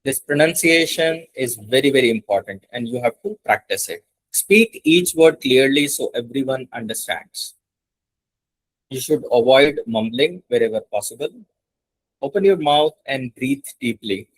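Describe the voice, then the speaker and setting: A man's voice: mid-range voice, lively intonation, normal speed, dry recording, rough recording. A man with an Indian English accent teaching an online class, explaining step by step and repeating key points. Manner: instructive, repeats points for emphasis. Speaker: internship instructor. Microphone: video call.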